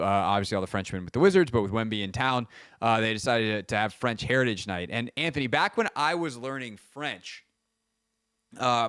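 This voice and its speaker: A man's voice: lowish voice, a bit bright, dry recording. Rambling man hosting sports radio, dry studio. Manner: rambling, self-mocking storytelling. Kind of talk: casual radio chat. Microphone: studio microphone.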